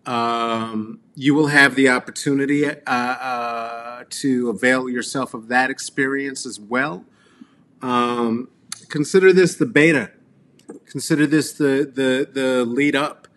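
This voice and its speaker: A man's voice: mid-range voice, steady tone, slow, fairly bright tone. A middle-aged man hosting a rambling solo comedy monologue, crude and sarcastic, full of fillers and trailing asides. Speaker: comedy show host. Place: Colorado.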